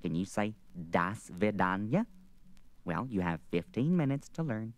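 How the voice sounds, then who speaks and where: Man doing older president kiddie host, sing-song, low lively voice. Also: dry recording. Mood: cheery. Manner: slow, sing-song kiddie-show patter. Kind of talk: comedy record sketch.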